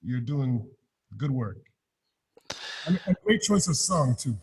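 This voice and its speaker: A man chatting casually as a guest musician on a video call, relaxed and friendly, talking from his home. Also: mid-range voice, slow, slight background noise. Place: room in his home in Montreal. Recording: reverberant room over a video call.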